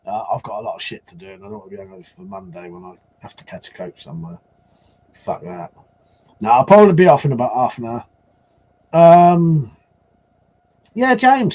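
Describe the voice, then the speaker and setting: A man's voice: a little high, slightly rough. A man hosting a casual live stream, rambling and swearing as he answers chat.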